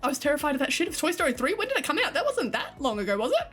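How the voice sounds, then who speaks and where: A young woman with an Australian accent talks off the cuff on a live stream, her voice sitting a little high. She rambles, swears casually and breaks into laughs, with faint music playing behind her. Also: wildly swooping pitch, racing, fairly bright tone. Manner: chatty, swears freely, laughs often, reads chat aloud.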